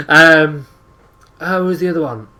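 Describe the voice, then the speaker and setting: Bright-voiced young Teesside man, sweary storyteller. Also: fairly high pitch. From northeast England. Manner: swears often, tells anecdotes with acted-out quotes. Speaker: podcast co-host. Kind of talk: casual chat.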